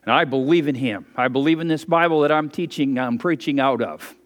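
A pastor delivering a sermon, telling stories with lively, rambling asides before coming back to scripture. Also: male voice, medium pitch, a little fast. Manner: animated, digressive storytelling with asides. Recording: long reverb of a hall.

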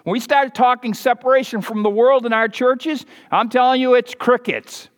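A man preaching a sermon as the pastor of his church, fervent and emphatic, shifting between loud stressed points and quiet asides. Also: extremely high pitch, fairly even intonation, moderate pace. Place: church sanctuary with balcony. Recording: long church reverb.

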